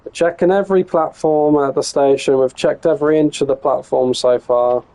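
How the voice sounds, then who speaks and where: An English man with a gravelly, creaky edge to his somewhat raised voice, chatting through a live game stream. He mutters to himself, swears casually and keeps up a running commentary, with a mellow, darker tone overall. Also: on the high side, fairly even intonation, moderate pace, rough recording. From England.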